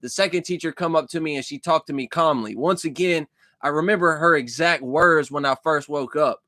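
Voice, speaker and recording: A young man rambles through a personal story in loose, casual speech, swearing freely and circling back over his own words. His voice sits a little high for a man. The sound is dry and close, with no room around it. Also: fairly quick, sharp tone, no echo. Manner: loose, profane, repeats himself, restarts sentences. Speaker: vlogger recounting a dream.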